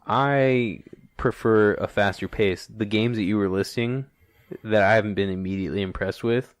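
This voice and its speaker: A man's voice: lowish voice, normal speed, dry recording. A young man co-hosting a casual podcast, making dry, blunt remarks and steering the conversation. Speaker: podcast co-host.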